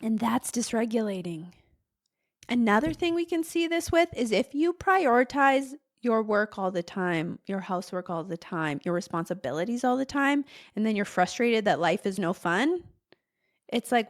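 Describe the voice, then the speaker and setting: A young adult woman who is an ADHD therapist hosts a casual solo podcast, chatting conversationally and acting out frustrated inner voices. Her voice is a little high and sing-song, at a normal speed.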